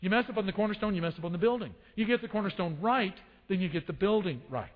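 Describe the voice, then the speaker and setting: A man's voice: sits high, expressive, fast talker. A man preaching a sermon to his congregation, calling for responses and repeating phrases for emphasis. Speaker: pastor. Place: church sanctuary. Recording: dull sound in a reverberant church hall.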